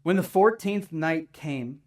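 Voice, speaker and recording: A man preaches a sermon to his congregation, talking in an easy, conversational way and often checking in with a quick "right?". His voice sits a little high for a man. He is picked up from some distance in the church sanctuary. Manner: conversational preaching, tag questions. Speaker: pastor.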